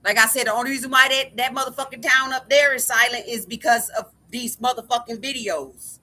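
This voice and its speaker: High, sharp-voiced woman ranting angrily. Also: steady tone, a little fast. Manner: angry, profane, keeps repeating "like I said". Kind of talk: ranting monologue to camera.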